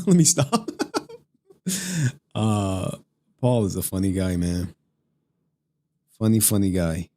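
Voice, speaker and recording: A man's voice: low-pitched, sing-song, slow pace, long pauses, dark tone. Profane laughing male streamer. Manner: profane, laughing, rambling, reads super chats. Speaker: streamer host. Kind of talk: casual live-stream rant.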